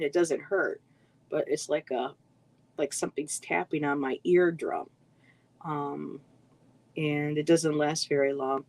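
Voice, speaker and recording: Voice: mid-range voice, poor audio. A card reader hosting a casual livestream, greeting viewers in the chat by name and now and then tripping over words.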